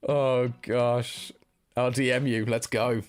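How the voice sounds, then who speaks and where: A young British man chatting casually as a live-stream host, reading chat aloud and laughing often. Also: medium pitch. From United Kingdom.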